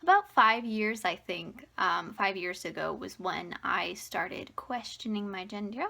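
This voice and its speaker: A woman in her twenties vlogging casually at home, rambling and hesitant, slipping into a breathy half-whisper and a little out of breath. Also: medium pitch, expressive, unhurried, pushed and bright. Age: 20s. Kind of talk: casual personal vlog. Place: at home near the fridge, indoors.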